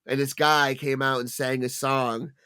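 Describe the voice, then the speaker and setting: A man's voice: medium pitch, level tone, measured pace, pushed and bright, clear, resonant tone. A middle-aged man co-hosting a casual comedy podcast, telling stories with lots of animation and mocking voices. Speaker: podcast co-host.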